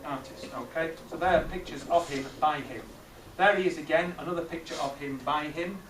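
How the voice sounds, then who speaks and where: Male teacher, middle-aged, lively and questioning; distant mic, roomy echo. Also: fairly high pitch, brisk. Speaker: teacher leading a maths master class. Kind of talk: classroom teaching with questions to pupils. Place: classroom. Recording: echoey classroom from far off, noisy.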